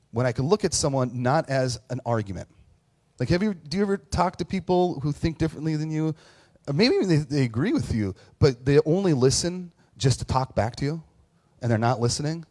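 Speaking at medium pitch with a slightly mellow quality, this man delivers a relaxed sermon as a pastor. He's frank and pokes fun at himself, telling stories with lots of fillers and false starts, in a church with an online audience.

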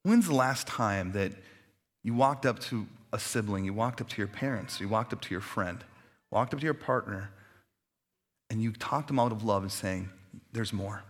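A man's voice: fairly low pitch, moderate pace. A man pastor preaching a sermon in a conversational way, stacking repeated phrases for emphasis and dropping in casual asides.

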